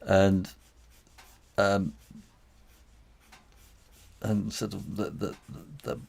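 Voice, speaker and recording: Gravelly low-voiced man musing while drawing. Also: level tone, drawn-out words, a little mellow. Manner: rambling, hesitant, chuckling as he draws. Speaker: illustrator and author teaching drawing. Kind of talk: live drawing tutorial, thinking aloud.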